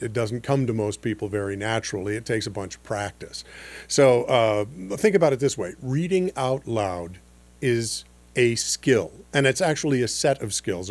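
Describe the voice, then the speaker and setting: A man's voice: medium pitch, darkish tone. A man in his sixties, a voice-over coach hosting a podcast lesson, explaining things in an easygoing, chatty way with frequent "uh" and "you know.".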